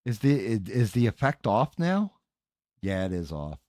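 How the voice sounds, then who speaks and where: A man's voice: lowish voice, very animated, measured pace, darkish tone, no echo. A male streamer chatting casually on his stream, swearing freely and laughing often as he tells a story. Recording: dry close headset sound.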